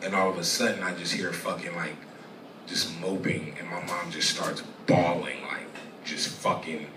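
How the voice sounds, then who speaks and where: Deep-voiced young man, rambling and profane. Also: flat delivery, background noise. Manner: rambling, profane, halting restarts. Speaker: interview guest. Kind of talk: candid live interview storytelling. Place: live venue stage. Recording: echoey room, distant mic, audience ambience.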